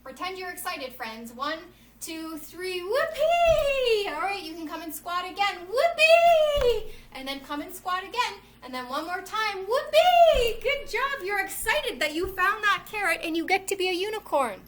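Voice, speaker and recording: A woman's voice: extremely high pitch, very animated, moderate pace, very noisy. A woman children's yoga instructor reading a storybook aloud and guiding children through poses at home, upbeat and encouraging, calling them "friends". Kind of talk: reading a storybook while leading kids' yoga. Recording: roomy sound from a distant mic with faint ambience.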